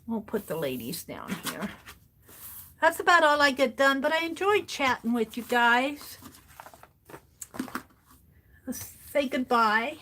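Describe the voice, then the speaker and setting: A woman's voice: high voice, big pitch swings, slow, pauses often, a little hiss or hum. A woman hosting an art livestream, chatting casually and musing aloud to herself as she draws. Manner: soft-spoken, muses aloud to herself. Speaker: livestream host and artist. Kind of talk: casual chat while drawing.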